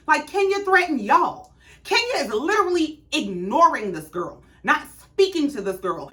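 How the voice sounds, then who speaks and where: Brief: woman, reality recap host, lively, higher voice, blunt and cussing. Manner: sassy, blunt, profane storytelling. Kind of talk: casual reality show recap.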